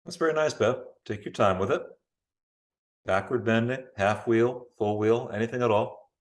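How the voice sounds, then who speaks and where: A man teaching a yoga class over a video call, giving calm, unhurried cues for breathing and poses. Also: medium pitch. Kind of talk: guiding a live online yoga class.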